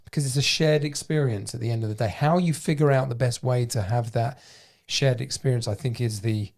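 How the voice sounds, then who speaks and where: A man's voice: medium pitch, a little fast, vocal fry, darkish tone. A man hosting a podcast in a studio, chatting casually and thinking aloud in loose, rambling sentences. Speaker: podcast host. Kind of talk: casual chat.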